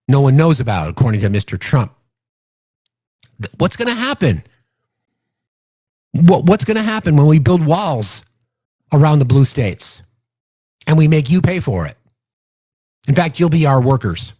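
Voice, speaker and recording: A man's voice: on the high side, sing-song, unhurried, pauses often, dark tone, no room sound, lo-fi sound. Sarcastic, swearing male political ranter. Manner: sarcastic, mocking, profane. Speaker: political commentator. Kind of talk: casual political rant to viewers.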